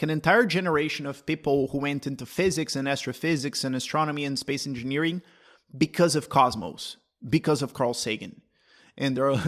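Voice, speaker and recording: Speaking in a mid-range, fairly bright voice, this Brazilian guest, whose first language is Portuguese, wanders through a relaxed interview as a libertarian commentator. He cuts himself off, restarts phrases and laughs a lot.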